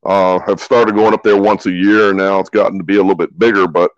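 A man's voice: low-pitched, little pitch movement, fairly quick, dry recording. Emphatic man, dull dry sound. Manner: emphatic, repeats himself. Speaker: podcast co-host. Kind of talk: casual chat.

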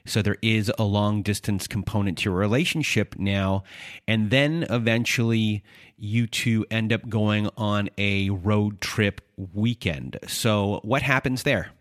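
A male podcast host speaks very slowly and carefully, his lowish voice smooth and clear. The sound is dry and close, with no room around it. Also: steady tone, dry recording. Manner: slow, measured, hesitant with "uh". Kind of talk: interview questions, recapping the story.

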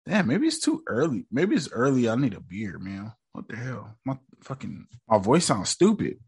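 A man's voice: mid-range voice, huge pitch swings, normal speed, darkish tone, slightly rough. A man casually recapping a TV episode in slangy, joking talk, mockingly quoting the characters. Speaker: show recap host.

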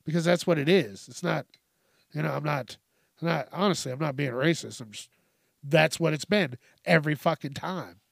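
A man's voice: on the high side, normal speed, gravelly, no room sound, studio quality. A man hosting a podcast, ranting casually and comically, swearing a lot and laughing between lines. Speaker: podcast host. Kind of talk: casual comedic rant.

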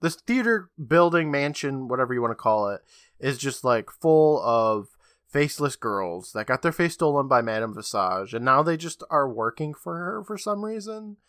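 A man's voice: mid-range voice, sing-song, moderate pace, fairly bright tone, no room sound, studio quality. A man co-hosting a casual podcast, recapping episodes with a chatty manner, acting out quotes and laughing often.

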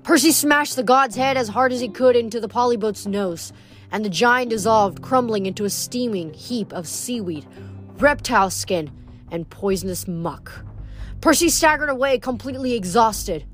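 A woman reading a novel aloud in a fairly high voice. She reads plainly, now and then tripping over a word and correcting herself. Faint music plays underneath. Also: expressive, moderate pace. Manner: plain reading with occasional stumbles and self-corrections. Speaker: audiobook reader.

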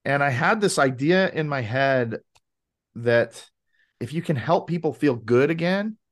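A man as a podcast guest, telling a story in a casual, animated way and acting out quoted voices. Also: mid-range voice, a little slow. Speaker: podcast guest, wellness advocate.

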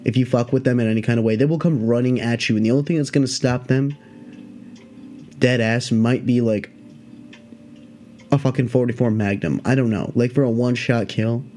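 A man's voice: medium pitch, fairly even intonation, brisk, long pauses, warm tone. A man telling a story to his listeners in loose, casual speech. He swears freely and leans on fillers as he rambles along, in an ordinary mid-range voice. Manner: profane, rambling, filler-heavy. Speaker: podcast host.

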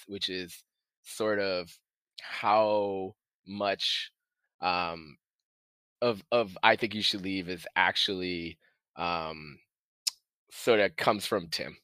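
A man's voice: low voice, bright, forceful tone, clear, resonant tone, dry recording. A man hosting a casual interview, asking questions with many hesitations and friendly laughs. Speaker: podcast host.

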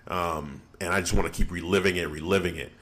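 A young man co-hosting a casual podcast, animated and quick to exclaim in disbelief. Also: deep voice. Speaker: podcast co-host. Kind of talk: casual wrestling podcast chat.

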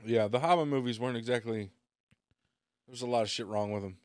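An American man co-hosting a podcast, chatting in a relaxed, agreeable way and swearing freely. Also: mid-range voice, fast talker, no room sound, studio quality. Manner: laid-back, agreeable, profane. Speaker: podcast co-host. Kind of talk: casual podcast banter.

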